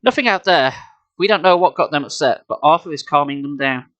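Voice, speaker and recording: Brisk dad voice, read out by a streamer, middle pitch, dry mic. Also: animated, a bit bright, dry recording, muffled recording, close to an everyday voice. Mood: reassuring. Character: cheerful outdoorsy dad, photographer.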